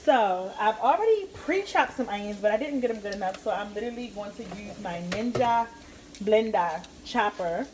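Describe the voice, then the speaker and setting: A woman's voice: mid-range voice, animated, moderate pace, noisy background. A woman chatting her way through a casual cooking tutorial, talking straight to her viewers. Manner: chatty, talks to viewers as "guys". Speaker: home cook vlogger. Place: home kitchen.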